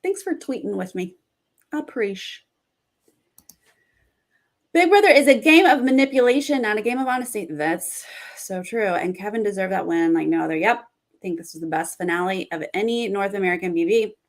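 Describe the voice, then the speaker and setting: A young woman hosting a casual reality TV recap, reacting with excitement and reading viewer comments aloud. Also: fairly low pitch.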